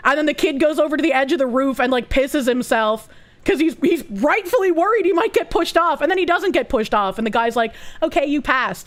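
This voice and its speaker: A young woman streamer giving casual movie commentary, rambling and animated, with many fillers and restarts. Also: sits high, a little fast.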